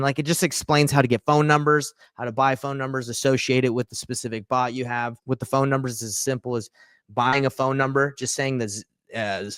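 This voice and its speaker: A man hosting a casual tutorial vlog on real estate, upbeat and chatty, talking fast and hyping up his viewers. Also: medium pitch, clear, resonant tone, no room sound.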